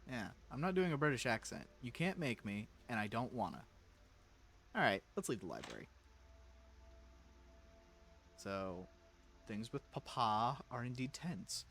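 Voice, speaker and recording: A man's voice: mid-range voice, lively intonation, measured pace, pauses often, a bit bright. A man casually playing a story game, reading its text aloud and adding joking asides. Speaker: let's play streamer. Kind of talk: casual gameplay commentary.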